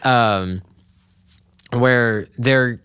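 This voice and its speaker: A man's voice: medium pitch, extremely slow, pushed and bright, smooth. A young man co-hosting a casual podcast, rambling cheerfully about a cartoon and breaking into laughs. His voice sits in an ordinary middle range. The sound is dry and close, with no room echo. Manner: rambling, laughs often, lots of fillers. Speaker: podcast co-host.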